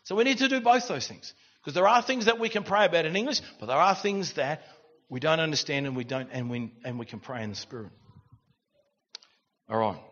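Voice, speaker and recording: A middle-aged man, preaching a sermon and telling stories in an animated way with quiet asides. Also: a little high, fairly quick. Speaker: pastor. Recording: dull recording in a reverberant church hall.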